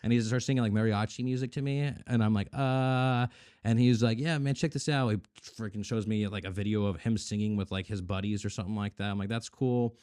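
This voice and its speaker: A man's voice: on the low side, steady tone, a little fast, darkish tone, clean tone, no echo, studio quality. A young man on a podcast telling a long story in casual chat, acting out the voices of the people in it, swearing and laughing often. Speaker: podcast guest.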